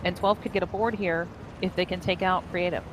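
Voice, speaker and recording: A woman's voice: lowish voice, fairly even intonation, brisk, background noise. A woman doing live esports commentary with playful, teasing banter toward her co-caster.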